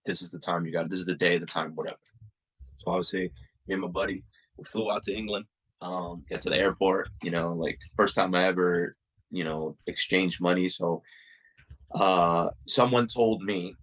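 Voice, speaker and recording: Husky low-voiced man telling stories. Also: moderate pace, fairly bright tone, rough recording. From Uruguay and the United States. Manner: fills speech with "like" and "you know". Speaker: podcast guest, soccer player. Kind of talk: casual storytelling interview.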